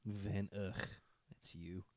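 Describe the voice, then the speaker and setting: A man's voice: deep voice, little pitch movement, slow, mellow, no room sound. A man co-hosting a casual podcast chat, joking in a wry way and letting sentences trail off. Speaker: podcast co-host.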